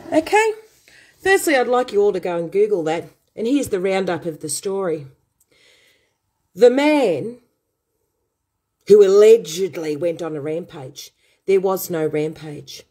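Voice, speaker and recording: A woman rants on her own livestream, her voice husky and dark in tone. She drags her words out slowly, spitting insults and firing rhetorical questions at viewers. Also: medium pitch, lively intonation. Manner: furious, scornful, hurls insults. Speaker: online show host. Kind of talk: angry ranting livestream monologue.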